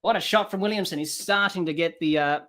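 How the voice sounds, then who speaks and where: A man doing live cricket commentary for a podcast, rising excitedly on the play and dropping quiet to read viewer comments. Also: fast talker. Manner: lifts pitch and volume for the action, drops low to read comments and chat.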